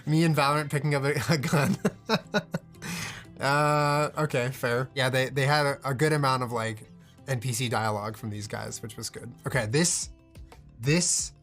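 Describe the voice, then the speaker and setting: A young man giving casual, animated reaction commentary as a streamer, swearing freely and lifting his voice when excited. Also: medium pitch, slow pace, soft background music.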